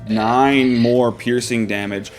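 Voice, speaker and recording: A man's voice: mid-range voice, fairly even intonation, slow, soft background music. A man running a tabletop game as game master, narrating with lots of swearing and enthusiasm. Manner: profane, enthusiastic.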